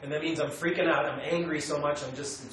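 American guy teaching a class, kinda high voice, recorded from far off in a very echoey room. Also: quick pace. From United States. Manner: animated, acts out quotes, tells students to take notes. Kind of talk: classroom lecture. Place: meditation center lecture room. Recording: echoey room, mic far away, light noise.

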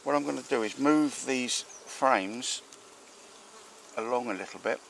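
A man, a beekeeper chatting casually as he works a hive outdoors and talks to his bees, breaking into excited exclamations. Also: medium pitch, unhurried, gravelly, slight background noise. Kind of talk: casual narration while working a hive. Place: outdoors at a beehive. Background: buzzing bees.

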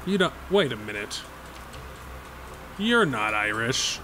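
A man giving excitable, sarcastic commentary while playing a golf video game, swinging between high yelps and low mutters. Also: normal speed, long pauses, faint music behind. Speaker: gaming YouTuber. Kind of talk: gameplay commentary.

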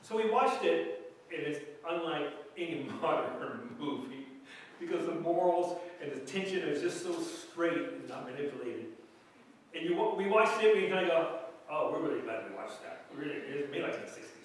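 Pastor's casual sermon in echoey church. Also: male voice, a little high, expressive, moderate pace, far from the mic, slight background noise. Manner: conversational, storytelling, acts out quoted voices. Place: church sanctuary. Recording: very echoey church hall from afar.

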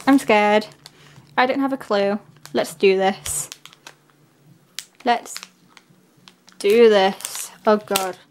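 A woman talking casually in a vlog, gushing and excitable, with lots of filler words. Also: medium pitch, drawn-out words, pauses often, a little hiss or hum. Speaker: vlogger.

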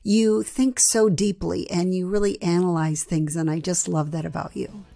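A woman's voice: fairly low pitch, steady tone, normal speed, creaky, warm tone, faint music behind. A woman hosting an interview, graciously thanking and praising her guest as she closes the talk. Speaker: host. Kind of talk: interview wrap-up.

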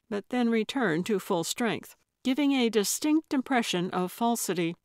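A woman narrating a cozy mystery audiobook in measured, even storytelling on a close studio mic. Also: fairly high pitch, no room sound. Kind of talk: scripted narration.

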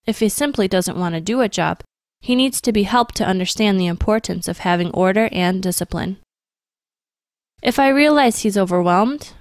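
A young woman reads a prepared parenting talk at an even, gentle pace. The recording is dry and close, with no room sound. Her delivery stays calm and measured throughout. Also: medium pitch, dry recording. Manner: calm, gentle and measured, acting out child-directed quotes. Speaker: radio program presenter. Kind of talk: reading a scripted parenting talk.

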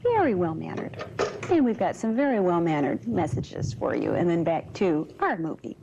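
A woman's voice: lowish voice, big pitch swings, normal speed, gravelly, mellow, a little hiss or hum. A woman hosting a TV phone-in game, chatting and encouraging callers. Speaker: TV game show host. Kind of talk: cheerful live phone-in chat. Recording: dull old TV audio.

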